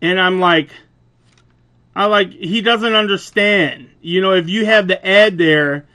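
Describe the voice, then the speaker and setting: Loud, booming man telling a rant. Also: unhurried. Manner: animated, profane, laughs through the retelling. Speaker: vlogger. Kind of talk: casual storytelling rant.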